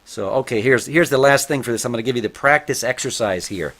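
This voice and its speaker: A man's voice: mid-range voice, fast talker, hardly any pauses, fairly bright tone. A man who teaches martial arts, talking casually on a motivational podcast and reading book passages aloud between his own comments.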